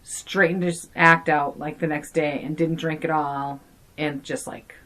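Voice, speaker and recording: A woman's voice: low-pitched, level tone, unhurried, a bit bright. A woman co-hosting a podcast, chatting casually, agreeing readily and asking her friend questions. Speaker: podcast co-host. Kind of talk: casual chat.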